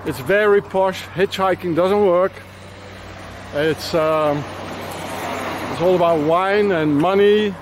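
Rambling man outdoors, slightly high voice. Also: takes it slowly, long pauses, background noise. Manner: rambling, hesitant, many fillers and restarts. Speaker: travel vlogger. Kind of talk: rambling walk-and-talk vlog.

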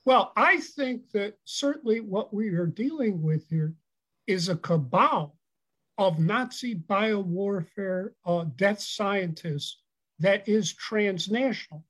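A man answering as an expert guest in an interview, halting with many fillers but emphatic. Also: sits high, low-quality recording. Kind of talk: interview answers over a call.

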